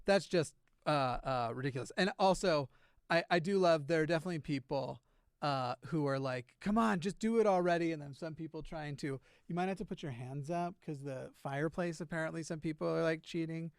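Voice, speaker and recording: A man's voice: fairly high pitch, a little fast, smooth, no room sound, clean studio sound. A man talking casually on a livestream, hesitant, with many "uh" and "like" fillers and restarts. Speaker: livestreamer in a played clip.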